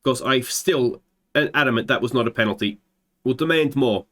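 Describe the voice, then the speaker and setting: An Australian man hosting a football management let's play, calling his match like a commentator and swinging into excited shouts at big moments. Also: medium pitch, a little fast. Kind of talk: gameplay commentary.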